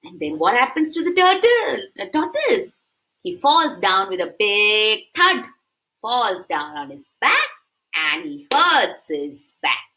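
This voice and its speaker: A woman's voice: medium pitch, takes it slowly, rough recording. A woman preschool teacher reading a picture book aloud to young children, often asking them questions. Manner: animated, asks the children questions.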